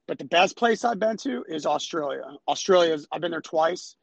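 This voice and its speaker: Young male guest, higher voice, dry close sound, laid-back. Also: normal speed, vocal fry, dry recording. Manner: relaxed, rambling with fillers. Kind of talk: casual chat. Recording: dry, slightly dull sound.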